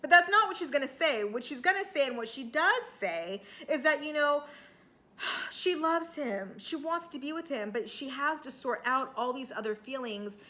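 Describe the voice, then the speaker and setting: High, bright-voiced chatty woman. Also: expressive, normal speed. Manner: chatty, sarcastic, rambling with fillers and occasional cussing. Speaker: TV recap vlogger. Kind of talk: casual reality TV recap.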